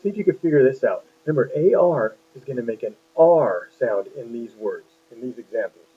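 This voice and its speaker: Male teacher, patient and upbeat, quizzing young kids on phonics; husky voice, thin phone-quality audio. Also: mid-range voice, lively intonation, a little fast. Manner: patient, encouraging, asks many questions. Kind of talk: phonics lesson for young children. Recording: tinny lo-fi phone-like sound.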